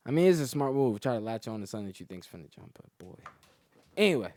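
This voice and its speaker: A man's voice: medium pitch, sing-song, quick pace, a little mellow, no room sound. Profane young man telling tales. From Atlanta area, Georgia. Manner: profane, boastful, slangy, laughs at his own stories. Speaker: comedian guest. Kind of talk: crude storytelling.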